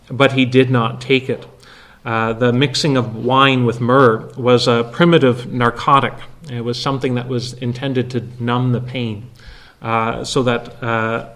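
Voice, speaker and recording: A pastor preaching an expository sermon, measured and emphatic, pausing often with filler sounds as he explains each detail. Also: medium pitch, fairly bright tone.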